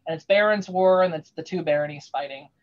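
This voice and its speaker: A woman's voice: deep voice, fairly quick. Rambling woman on a lo-fi video call. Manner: animated, rambling, many restarts and fillers. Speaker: craftsperson sharing her work on a video call. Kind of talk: casual storytelling chat.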